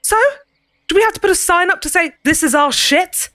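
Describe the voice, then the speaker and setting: A woman voicing a sharp-tongued, sassy female fairy with a soft Cockney accent, scolding in a tabletop game. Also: extremely high pitch, a little fast, no echo, clean studio sound, pitched above the performer's own voice.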